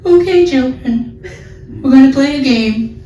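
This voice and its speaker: A man's voice: very high-pitched, measured pace, mellow, pitched above the performer's own voice. A man voicing a chirpy female kindergarten teacher in a sing-song teacher voice, in a far, echoey, dull recording.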